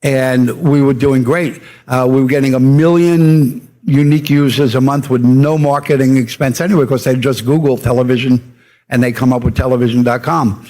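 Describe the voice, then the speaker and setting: Older male guest storyteller, mid-pitched, animated anecdotes with voiced-out quotes. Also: normal speed. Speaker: media entrepreneur guest. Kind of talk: fireside chat storytelling. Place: stage before a live audience.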